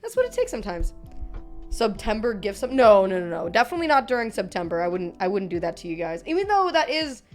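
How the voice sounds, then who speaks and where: A young woman streamer chatting casually with her viewers, animated, playful and swearing, her voice a bit worn. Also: medium pitch, quick pace, few pauses, faint music behind. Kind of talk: casual live-stream chat.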